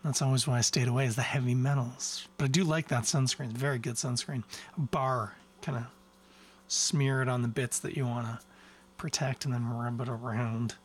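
A man's voice: mid-range voice, fairly even intonation, normal speed, slightly rough. A man hosting a beer podcast, talking casually in a rambling, chatty way with self-mocking asides. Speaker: podcast host reviewing beer. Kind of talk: casual chat, tasting review.

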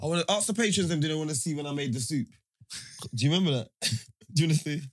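A man, co-hosting a casual podcast and telling animated stories in slang. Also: a little high, quick pace, no room sound. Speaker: podcast co-host. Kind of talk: casual banter.

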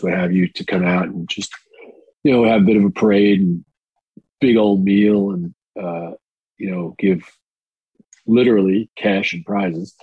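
Man, husky voice, dry close sound, casual profane storytelling. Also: deep voice, no room sound, highs cut off. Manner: candid, profane, rambling with fillers. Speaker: actor and guest.

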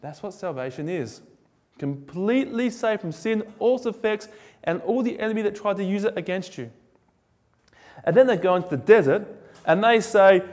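A man with a high voice preaches a sermon, casual and quick to joke. He tells his stories with animation. His words echo with a long reverb, like a large hall. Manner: casual, joking, animated storytelling.

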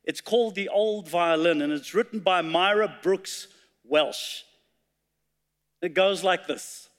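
A man's voice: sits high, slow. A man preaching a sermon, telling a story and reciting poetry with feeling. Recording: long hall reverb.

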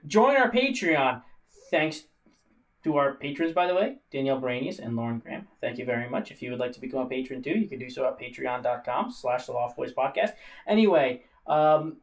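A man's voice: medium pitch, brisk, distant mic. A man hosting a casual podcast, rambling and joking, often laughing as he talks. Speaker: podcast host.

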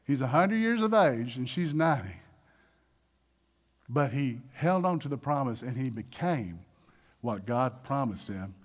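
A male pastor preaching a sermon in an animated way, acting out little voices and swinging between loud and soft. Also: mid-range voice, measured pace.

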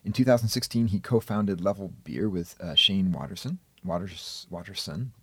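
Speaking through a studio mic in a radio studio, this podcast co-host, an economics professor, keeps things casual with dry humor and frequent hesitations. His voice is low, a bit bright and breathy at the edges, moderate in pace, with no room sound.

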